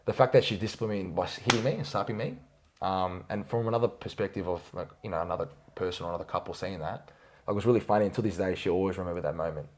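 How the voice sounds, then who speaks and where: Young man, quick speech, low voice, lively slangy storytelling. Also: a little hiss or hum. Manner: animated, fast storyteller using "like" and "bro". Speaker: podcast co-host. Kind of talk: casual storytelling chat.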